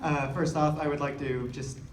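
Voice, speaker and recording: A man from the audience asks the panel a question, hesitating and filling his pauses with ums. He sounds distant in an echoey convention hall, with noise behind him. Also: a little high, fairly even intonation. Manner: hesitant, filler-heavy. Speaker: audience member asking a question. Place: large indoor convention hall.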